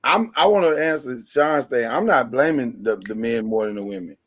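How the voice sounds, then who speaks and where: A man's voice: medium pitch, moderate pace, fairly bright tone. A man hosting a casual podcast discussion, talking emphatically and repeating words as he starts his thoughts. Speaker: podcast host.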